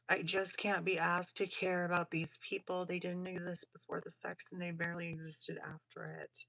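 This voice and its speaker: A woman's voice: fairly low pitch, level tone, fairly quick, fairly bright tone, no echo. A woman hosting a casual livestream, chatting in a sassy, slangy way while crafting jewelry. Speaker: livestream host.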